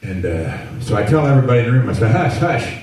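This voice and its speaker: A man's voice: on the low side, lively intonation, rapid-fire, mellow. A man in his sixties doing a stand-up routine in a dry, rambling storytelling way. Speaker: stand-up comedian. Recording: echoey venue, mic from far off, faint noise.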